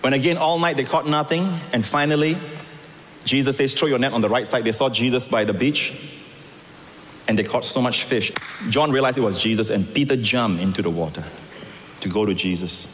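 A man preaching a sermon, acting out the scripture voices and moving between loud calls and soft, quiet lines. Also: medium pitch, moderate pace, long reverb tail, a little hiss or hum. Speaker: pastor.

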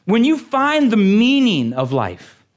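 Animated high-voiced male preacher. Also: slow pace. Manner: animated, rising to exclamations; jokey asides to the congregation. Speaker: pastor. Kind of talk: sermon.

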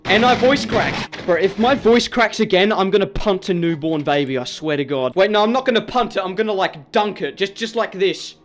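Lively Aussie guy playing a horror game. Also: high-pitched, a little fast, hardly any pauses, music in the background. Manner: crude, jokey, rambling, swears a lot. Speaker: gaming YouTuber.

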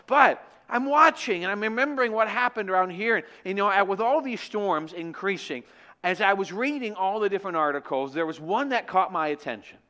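Male preacher, sermon storytelling, animated and wry, high and bright tone. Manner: animated, joking, conversational. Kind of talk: sermon with humorous personal storytelling. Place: church.

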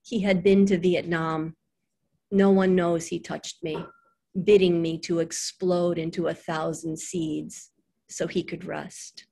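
A middle-aged woman, reading her own poems on a video call, slow and quiet on the lines. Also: flat delivery, gravelly, slightly rough. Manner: slow, soft reading voice that drops low on the lines. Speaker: poet reading her work. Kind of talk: poetry reading with chat between poems.

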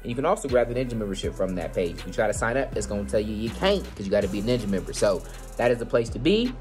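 A man hosting a gaming channel, giving a casual intro and stumbling over his words in excitement. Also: on the low side, racing. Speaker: channel host. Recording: music playing behind.

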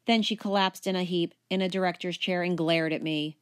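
A woman teacher reading a children's picture book aloud, with expressive, animated storytelling. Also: lowish voice, brisk, clean tone.

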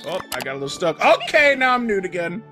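A woman voicing an excitable, dramatic male cartoon pencil character, rambling and bursting into shouts over background music. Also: fairly low pitch, quick pace. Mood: frantic. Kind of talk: animated cartoon reaction commentary.

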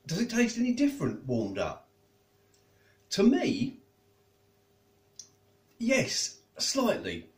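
A man's voice: high-pitched, huge pitch swings, takes it slowly, long pauses. A man chatting casually as he reviews food, tasting and eating while he talks. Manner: chatty, tastes and eats while talking. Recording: echoey room.

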